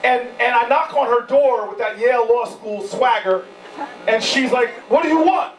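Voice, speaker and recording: A man's voice: very high voice, steady tone, normal speed. A man giving a campaign speech to supporters at an indoor event, telling stories with impassioned, repeated rhetorical phrases. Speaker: political candidate addressing supporters. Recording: echoey, distant, humming room recording.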